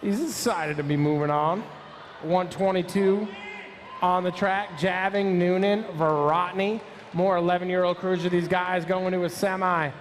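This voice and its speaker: A man with a high voice calls a live BMX race, running through rider names, bike numbers and nicknames. He takes his time between calls. A faint hum of the outdoor track sits behind him. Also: steady tone. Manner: rapid-fire calling of rider names and numbers. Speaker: race announcer.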